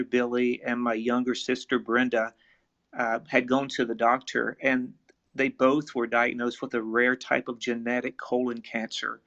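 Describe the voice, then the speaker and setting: Gravelly-voiced man telling a personal story. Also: medium pitch, fairly bright tone. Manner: earnest, halting, grows emotional. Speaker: charity event speaker. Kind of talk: personal story shared in a live online event. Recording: dull lo-fi online audio.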